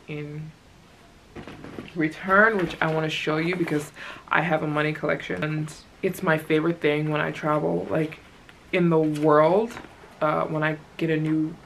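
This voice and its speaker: A woman's voice: low voice, slight background noise. A young woman, a travel vlogger, telling a story in a chatty, casual way and acting out the people she quotes. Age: young adult.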